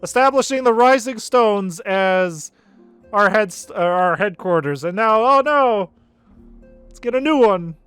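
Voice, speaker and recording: A man's voice: sits high, lively intonation, measured pace, fairly bright tone, clear, resonant tone, no echo, soft background music. Sarcastic, swearing game streamer man. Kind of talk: casual game stream commentary.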